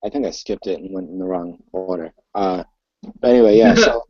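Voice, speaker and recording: A man narrating as game master for a tabletop game, talking in a halting way with many ums and restarts. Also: low-pitched, darkish tone, highs cut off.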